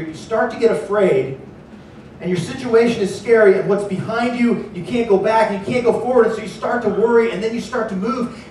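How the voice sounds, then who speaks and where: Pastor preaching in an echoey church. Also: male voice. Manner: animated, acts out panicked voices in a raised pitch. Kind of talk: sermon. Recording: echoey church hall, distant mic, faint noise.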